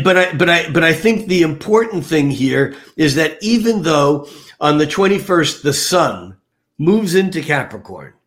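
An older man with a fairly high voice discusses the month ahead on a podcast. He rambles, restarts his sentences and fills the pauses with ums. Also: a bit bright. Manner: rambling, many fillers and restarts. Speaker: astrologer guest.

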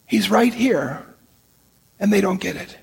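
A man preaching a sermon, telling the story with slow, deliberate emphasis in an earnest manner. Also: high-pitched, expressive, gravelly, long reverb tail, slight background noise, rough recording. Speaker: priest.

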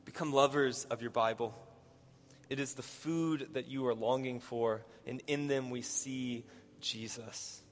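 A man's voice: mid-range voice, fairly even intonation, a little slow. Earnest male preacher in a reverberant hall. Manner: earnest, repeats key phrases. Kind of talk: sermon.

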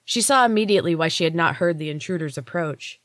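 A woman author narrating her own fantasy story in a steady, measured reading. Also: deep voice, no echo, clean studio sound. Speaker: podcast host and author reading her fiction. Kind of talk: audiobook narration.

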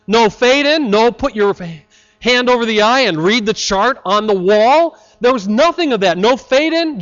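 A man preaching a sermon, slow and deliberate, with dramatic pauses. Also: extremely high pitch, fairly bright tone. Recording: slightly dull lo-fi recording.

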